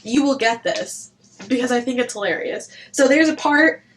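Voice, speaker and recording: Woman with a slightly high voice rambling about books she read, blunt, swears, lots of "like". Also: moderate pace, slight background noise, poor audio. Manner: chatty, blunt, swears, says "like" often. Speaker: book reviewer vlogger. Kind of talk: casual book review chat.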